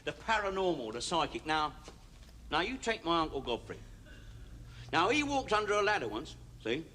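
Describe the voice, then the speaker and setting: An actor playing a cheeky, sardonic prison inmate in a 1970s sitcom. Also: male voice, on the high side, very animated, normal speed, pushed and bright, a little hiss or hum. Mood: wry. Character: wisecracking cocky male prison inmate.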